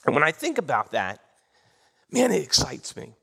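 Gravelly-voiced man preaching a lively sermon. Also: on the high side, moderate pace. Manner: animated, call-and-response with congregation. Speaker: pastor. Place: church sanctuary.

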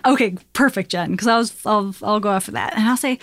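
A woman co-hosting an advice podcast, chatting casually in a playful, animated way and swearing now and then. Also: medium pitch, fast talker, hardly any pauses, no echo, clean studio sound.

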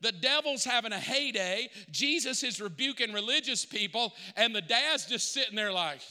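Male pastor, animated sermon, high and bright, long church reverb. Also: moderate pace. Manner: animated, acts out Bible characters.

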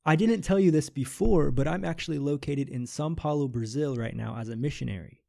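A man hosting a podcast interview, friendly and quick to laugh, sometimes tripping over his words. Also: a little high, vocal fry, dark tone. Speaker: podcast host.

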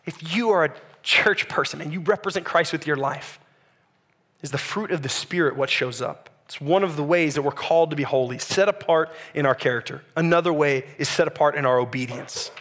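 A man, preaching a sermon as a pastor and telling a story in a conversational, animated way. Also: on the high side, fairly quick.

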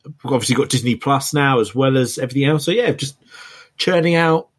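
A man's voice: mid-range voice, brisk, slightly rough. A British man chatting on a podcast in a laid-back way, hesitating and using many fillers. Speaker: podcast guest host. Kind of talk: casual chat. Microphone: remote call recording.

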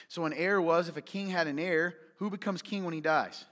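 A man delivers a sermon in a church hall, his voice sitting a little high. He jokes with the congregation and keeps asking them questions. A long reverb trails every phrase. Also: moderate pace. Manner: animated, joking with the congregation, asks questions. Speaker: pastor.

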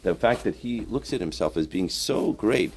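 Low gravelly male Torah teacher. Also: expressive, moderate pace, a little mellow. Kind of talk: Torah class lecture.

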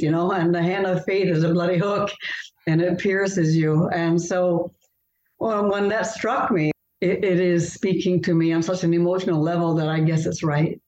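A woman's voice: lowish voice, fairly even intonation, normal speed, darkish tone. A woman novelist from Canada, telling stories earnestly and expressively as an interview guest. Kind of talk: interview conversation. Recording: roomy, dull lo-fi sound.

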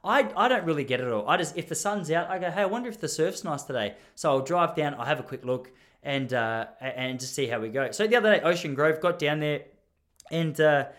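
A man's voice: fairly high pitch, lively intonation, fairly quick, fairly bright tone. A young man with an Australian accent telling a comic story in a rambling, self-mocking way, as a podcast host.

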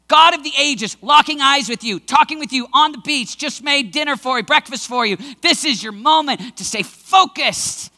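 A male preacher giving a dramatic sermon, acting out scenes and bursting into shouts, in a large hall with long reverb. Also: very high voice, big pitch swings, brisk.

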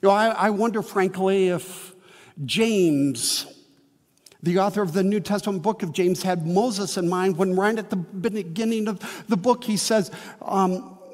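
A male pastor with a high voice delivers an earnest, emphatic sermon. He speaks slowly and leaves long pauses, and his words ring out with the long reverb of a large hall. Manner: earnest, emphatic preaching with slow dramatic pauses.

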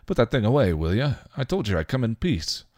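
A man's voice: medium pitch, big pitch swings, a little fast, darkish tone, dry recording, clean studio sound, pitched above the performer's own voice, natural voice. A man voicing a brash, cocky male vampire, reading a fan story aloud. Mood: defiant. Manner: cocky, snarling.

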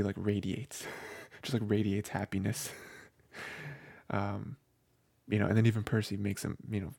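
A man's voice: fairly low pitch, gravelly, a little mellow, slightly rough, no room sound. A man co-hosting a book podcast, talking casually and rambling with lots of fillers. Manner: rambling, filler-heavy, with many "you know" and "like".

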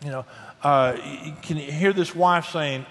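A middle-aged guest on a casual Christian talk show speaks about marriage in a slightly high, fairly bright voice, taking his time. Earnest and folksy, he often restarts his words, heard through long hall reverb.

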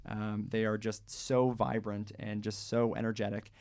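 A man's voice: fairly low pitch, level tone, moderate pace, darkish tone. A man co-hosting a radio show, chatting casually with lots of fillers and restarts. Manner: hesitant, many fillers and restarts. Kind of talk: casual chat and reading aloud.

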